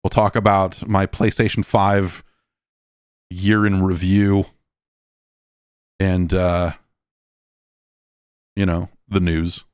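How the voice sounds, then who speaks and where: Man, middle-aged, solo podcast host; low-pitched, exasperated rambling delivery, dry mic. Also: level tone, slow pace, pauses often, clean tone, no room sound. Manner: exasperated, swearing, rambling with restarts. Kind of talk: casual solo podcast rant.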